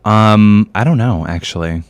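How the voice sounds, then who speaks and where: A man co-hosting a podcast, chiming in with quick agreements and questions in casual chat. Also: fairly low pitch.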